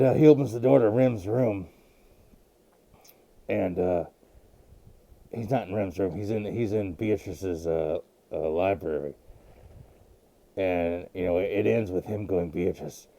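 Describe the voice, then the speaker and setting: A man casually recapping an episode as a podcast host, rambling and halting with many fillers and restarts. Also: low voice, warm tone.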